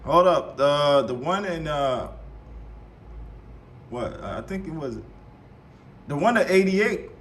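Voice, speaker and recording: Heated high-voiced man reacting. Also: slow pace, long pauses. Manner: heated, animated, swears, repeats words. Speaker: reaction streamer. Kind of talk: live reaction commentary.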